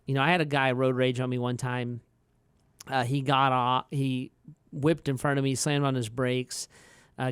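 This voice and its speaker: A man's voice: smooth, no room sound. A man, a pastor co-hosting a podcast, chatting casually and acting out quotes from his stories. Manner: storytelling, acts out quotes in a higher voice.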